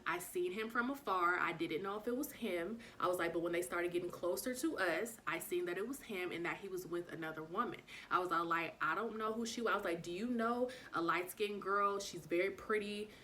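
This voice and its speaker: A young woman telling a storytime vlog, frank and swearing freely, acting out every bit of dialogue with big jumps in pitch. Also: a little fast, hardly any pauses, slight background noise. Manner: animated retelling, acts out dialogue with pitch jumps.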